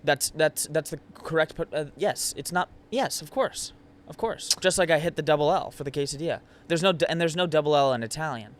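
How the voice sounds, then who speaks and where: A man's voice: on the high side, a little fast, few pauses. A man co-hosting a podcast, blunt and opinionated in casual chat, laughing often. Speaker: podcast co-host.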